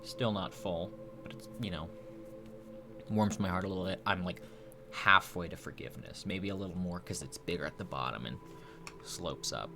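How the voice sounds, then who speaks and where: A man streaming live, rambling through a mock-tearful fake apology in a deadpan, stammering way. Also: sits low, moderate pace, creaky, over music. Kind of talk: mock-tearful livestream banter.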